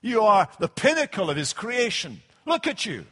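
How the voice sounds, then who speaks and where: A man's voice: high-pitched, sing-song, normal speed, pushed and bright, in a large hall, exaggerated voice. A male preacher voicing a sly, sneering serpent tempter with a sarcastic, mocking tone. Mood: flattering.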